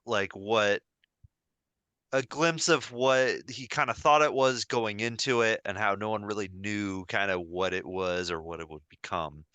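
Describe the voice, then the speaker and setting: A podcast co-host with a lowish, smooth voice retells a story in relaxed, casual chat full of filler words. The recording is dry.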